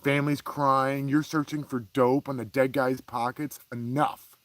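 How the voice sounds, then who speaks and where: A man around forty, talking in a casual, heated monologue as the host, full of profanity and swinging between low mutters and raised outbursts. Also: little pitch movement, unhurried, fairly bright tone, no echo. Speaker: podcast host.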